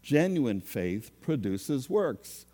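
Unhurried pastor preaching in a reverberant hall. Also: male voice, mid-range voice, sing-song, warm tone. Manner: conversational, self-deprecating preaching. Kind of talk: sermon.

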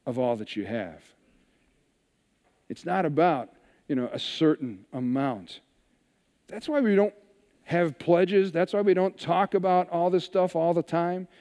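A man preaching a sermon, telling a scripture story with animated retellings and hushed asides. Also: fairly high pitch, long reverb tail. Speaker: pastor.

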